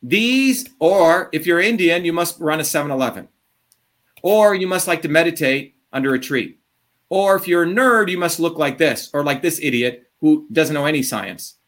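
Man, slightly high-pitched, combative rant, profane, fast bursts and drawn-out words. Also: animated, fairly bright tone. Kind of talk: impassioned interview talk.

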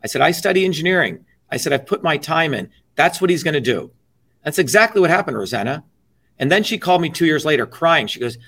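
Blunt, emphatic man, slightly high voice. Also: animated, fast talker, gravelly, a bit bright, breathy edge. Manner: emphatic, blunt and profane, with many you-knows. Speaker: interviewee, political candidate. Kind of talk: impassioned political talk.

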